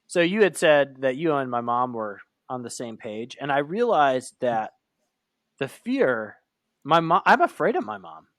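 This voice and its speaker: A podcast co-host chats casually, rambling, poking fun at himself, and laughing often. His medium-pitched voice is sing-song, measured, and a bit bright, recorded dry with studio quality.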